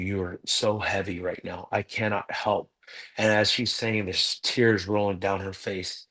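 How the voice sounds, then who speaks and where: A man's voice: fairly low pitch, a bit bright. A man telling a personal story earnestly as a guest in a live interview.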